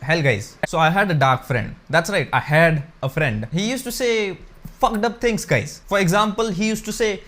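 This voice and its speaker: A man's voice: high-pitched, normal speed, a bit bright. A man doing a crude stand-up set alone in his room, talking straight to camera and calling viewers "guys". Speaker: stand-up comedian. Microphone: camera mic.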